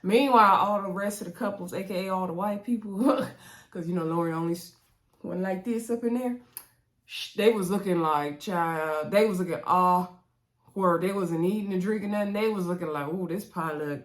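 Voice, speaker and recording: A woman in her own recap vlog, animated and sassy with asides to viewers, mid-pitched, in an echoey room. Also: normal speed. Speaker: reality TV recap host. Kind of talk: casual episode recap. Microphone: camera mic.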